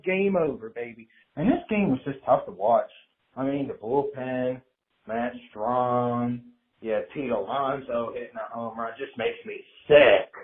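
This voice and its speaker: Male caller, loud profane fan rant, phone-line audio. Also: medium pitch. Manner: rowdy, profane, acts out quotes.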